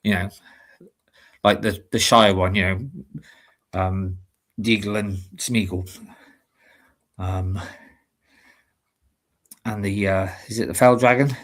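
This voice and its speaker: A man's voice: on the low side, fairly even intonation, takes it slowly, long pauses, fairly bright tone. Chatty rambling male stream host. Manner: rambling, chatty, laughs often. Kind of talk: casual chat.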